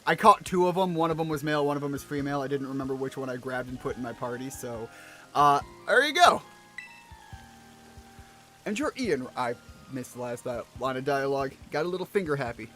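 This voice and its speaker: A man's voice: medium pitch, animated, a little fast, pushed and bright, soft background music. A man streaming a video game, chatting casually as he plays, rambling with fillers and self-deprecating asides. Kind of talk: let's-play commentary.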